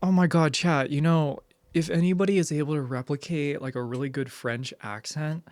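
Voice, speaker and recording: A man's voice: fairly high pitch, steady tone, normal speed, darkish tone, no room sound. A man streaming live, chatting casually with his viewers and reading their messages aloud, full of "like" fillers. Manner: rambling, many "like" fillers, reads chat aloud. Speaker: livestreamer.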